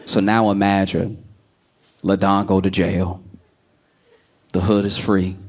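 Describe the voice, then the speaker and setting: A man performing a stand-up comedy set, telling stories animatedly and slipping into quick voices. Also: low voice, little pitch movement, heavy background noise.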